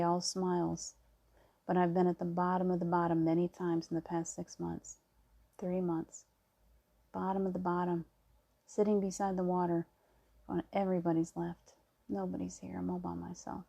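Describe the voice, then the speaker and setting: A middle-aged woman in a casual spiritual monologue, talking softly and reassuringly as she tells a personal story. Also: fairly low pitch, level tone, moderate pace, vocal fry. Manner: soft-spoken, reassuring, storytelling with gentle emphasis. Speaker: spiritual vlogger.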